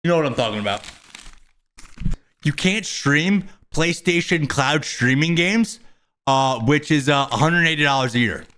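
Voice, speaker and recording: Foul-mouthed man ranting, higher voice. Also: animated, fairly bright tone. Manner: crude, fast, exasperated swearing. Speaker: host. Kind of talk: profane ranting commentary.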